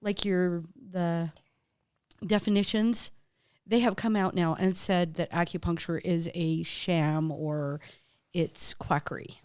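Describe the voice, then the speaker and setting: A woman's voice: on the low side, steady tone, slow, darkish tone, smooth, no room sound, clean studio sound. A woman acupuncturist, a guest in an interview, telling stories in a heartfelt, emotional way. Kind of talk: casual interview conversation.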